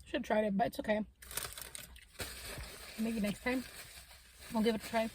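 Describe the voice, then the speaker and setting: A woman's voice: a little high, fairly even intonation, moderate pace, background noise. A woman vlogger chatting casually while eating in a parked car, humming between bites. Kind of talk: casual eating-show chat.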